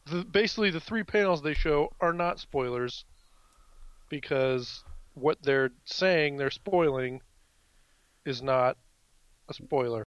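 A man's voice: on the high side, takes it slowly, pauses often, no room sound, lo-fi sound. A man on a podcast, bluntly correcting a point in casual chat.

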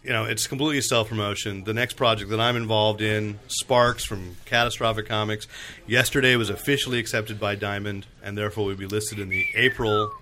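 A man's voice: on the low side, steady tone, brisk, sharp tone. A man hosting a casual group podcast, chatty, often laughing and trailing off with fillers. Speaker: podcast host and comic editor.

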